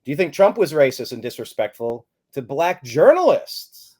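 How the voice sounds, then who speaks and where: Animated man ranting in political chat. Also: on the high side, normal speed, husky. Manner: emphatic, ranting, sarcastic. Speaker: co-host.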